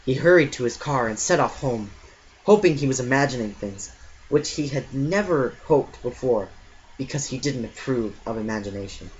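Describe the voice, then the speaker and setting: A man reads a storybook aloud with an expressive, home-made style, now and then tripping over a word and fixing it. His voice sits at a middle pitch. The recording sounds a little dull, with a faint hiss underneath. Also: moderate pace. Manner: expressive amateur reading with occasional slips. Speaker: audiobook reader. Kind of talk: storybook reading.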